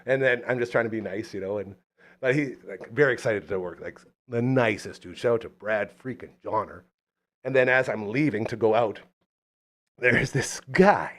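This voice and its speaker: On a casual chat podcast, the host speaks at normal speed in a voice on the low side. He's chatty as he tells stories and playful when reading sponsor plugs.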